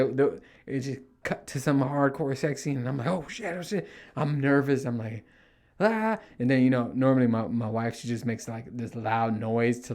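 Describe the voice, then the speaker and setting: Middle-aged male host, casual rambling monologue, swears a lot, jumps into high panicked quotes. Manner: animated, swears freely, acts out panicked quotes in a higher voice. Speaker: podcast host.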